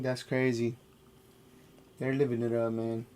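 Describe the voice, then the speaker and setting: A young man hosts a reaction stream, drawling out slow, easygoing remarks at whatever plays on screen. His pitch is ordinary for a man, and a faint hiss of noise sits under his mic. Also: steady tone, darkish tone. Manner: laid-back, exclaims and talks to himself between clips. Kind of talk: livestream reaction commentary.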